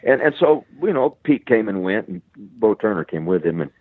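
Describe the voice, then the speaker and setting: A middle-aged American man, a conservation biologist, tells a long story as an interview guest, often repeating his words and acting out quoted voices. His voice is on the low side with big pitch swings and a normal pace. The recording is dry, with no echo and a narrow, phone-like band.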